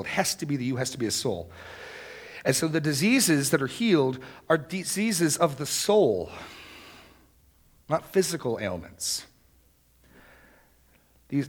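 A man preaching an earnest sermon, rising to loud, emphatic exclamations. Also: medium pitch. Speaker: pastor.

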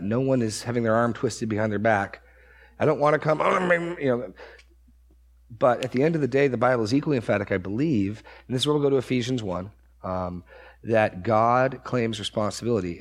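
A pastor delivers a verse-by-verse sermon with a husky, slightly breathy voice. He leans hard on key words, repeats phrases to drive them home, and turns to the congregation with questions. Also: on the low side. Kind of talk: expository sermon.

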